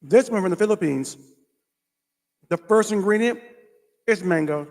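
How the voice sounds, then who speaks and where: Animated male host in an echoing room. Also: high voice, unhurried. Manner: animated, reads food labels aloud, exclaims. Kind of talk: casual reaction commentary.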